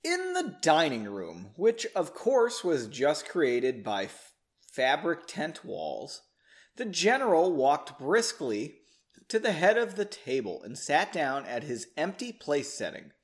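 A man's voice: a little high, huge pitch swings, takes it slowly. A man casually reading his own story aloud, breaking off often for self-mocking, joking asides and a bit tipsy from drinking. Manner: self-mocking, chatty asides, laughs between passages. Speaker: reader of his own book.

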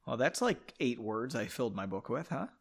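An American man reads a book aloud while drinking whiskey, rambling and swearing as he drops casual asides between passages. His mid-range voice is sing-song, with vocal fry and a breathy edge, at a normal speed.

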